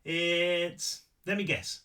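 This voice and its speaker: A man's voice: high voice, steady tone, drawn-out words, sharp tone, distant mic, voice pushed up, heavily acted. A man voicing a tiny, sardonic elderly woman shopkeeper with a thick accent and a dry, teasing manner.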